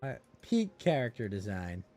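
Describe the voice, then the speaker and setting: A man's voice: fairly low pitch, huge pitch swings, normal speed, mellow, faint music behind. A man hosting a casual stream, ranting and mocking in a crude, joking way with bursts of laughter. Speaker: streamer host. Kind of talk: casual livestream chat.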